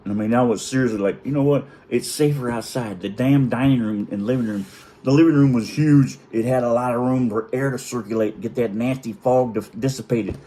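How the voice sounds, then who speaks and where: A middle-aged man telling a comic personal story in a profane, animated way, acting out the quotes in different voices. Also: medium pitch, brisk. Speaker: storytelling vlogger.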